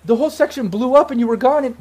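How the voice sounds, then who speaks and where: A man voicing a tearful, frantic female rebel leader who finds her lost lover alive, in a high, breaking voice. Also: racing, a little mellow. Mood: overjoyed, tearful. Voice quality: shrill and tearful.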